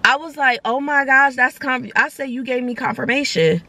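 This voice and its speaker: A young woman vlogger telling a personal story in casual chat, acting out the dialogue in quick, animated bursts. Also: sits high.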